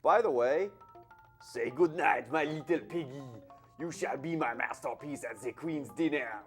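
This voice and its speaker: A man's voice: on the high side, a little slow, faint music behind, voice pushed up, natural voice. A man voicing a pompous male chef with an exaggerated fake French accent, hammy and theatrical. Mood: gloating, hammy. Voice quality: hammy, over-the-top theatrical.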